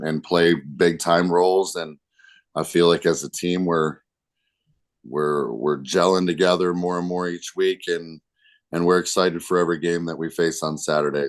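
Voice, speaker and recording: A man with a very deep voice talks casually as a guest player on a football show. He rambles a little, with plenty of fillers and restarts. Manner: easygoing, rambling, many fillers. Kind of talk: casual chat.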